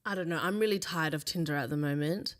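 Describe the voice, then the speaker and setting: A woman's voice: sits low, fast talker. A woman co-hosting a casual podcast, playful and giggly, a little unsure of herself. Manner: playful, giggly, a bit self-doubting. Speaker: podcast co-host.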